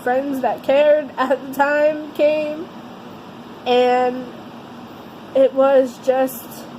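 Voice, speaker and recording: A woman telling a personal story in a vlog, earnest and halting, often restarting her sentences. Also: high voice, flat delivery, a little mellow, a little hiss or hum, poor audio. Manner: somber, heavy-hearted telling. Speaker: vlogger.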